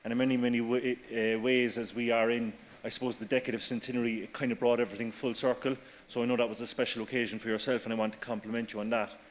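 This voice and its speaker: A man's voice: mid-range voice, slight background noise. A man with an Irish accent giving a formal council speech, mixing in Irish phrases. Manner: even, measured delivery with Irish phrases. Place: council chamber. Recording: reverberant council chamber.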